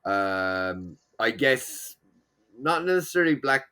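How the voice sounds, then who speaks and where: A man's voice: mid-range voice, sing-song, slow, pushed and bright, clean tone. A man co-hosting a casual podcast chat, rambling and swearing freely as he restarts his sentences. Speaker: podcast co-host.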